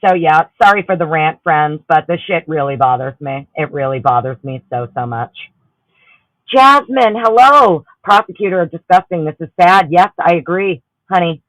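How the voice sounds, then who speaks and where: A woman's voice: low-pitched, lively intonation, normal speed, fairly bright tone, no room sound, rough recording. A woman hosting a livestream, ranting heatedly and with lots of swearing while greeting her chatters. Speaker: livestream host. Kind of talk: profane ranting livestream chat.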